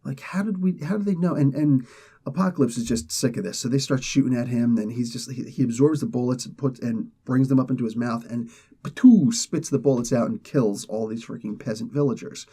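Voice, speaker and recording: A man hosting a comic book review show, excitedly retelling a story's plot in a casual way, full of fillers and restarts. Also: medium pitch, fairly quick, slightly rough.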